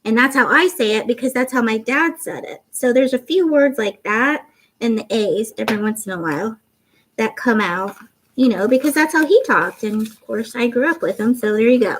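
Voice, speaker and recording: A woman's voice: on the high side, normal speed, fairly bright tone. A woman in her fifties with faint Canadian and Southern traces, a tired, goofy livestream host chatting, giggling and reading viewer comments. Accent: mixed Canadian and Southern traces. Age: 50s.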